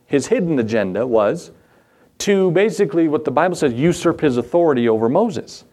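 Folksy man preaching, voice pitched a bit high. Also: expressive, fairly quick, darkish tone. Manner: folksy, asks the congregation questions, acts out quoted voices. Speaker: pastor. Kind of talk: sermon.

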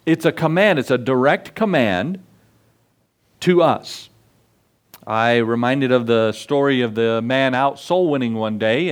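A man preaching a sermon as pastor, earnest and folksy, often putting questions to his listeners. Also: mid-range voice.

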